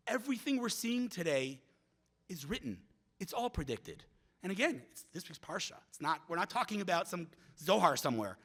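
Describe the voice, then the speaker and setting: A middle-aged man giving a speech at a community event, telling stories in an animated way, with frequent restarts and repeated words. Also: sits high. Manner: animated storyteller who acts out quoted voices. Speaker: guest speaker.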